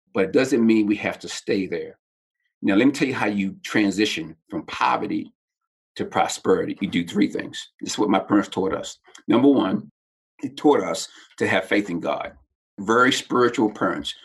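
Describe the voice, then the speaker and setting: A man's voice: on the low side, slightly rough. A man in his sixties from Baltimore, a podcast guest telling personal stories with animation and acting out the voices he quotes. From Baltimore, United States. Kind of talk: personal storytelling in an interview.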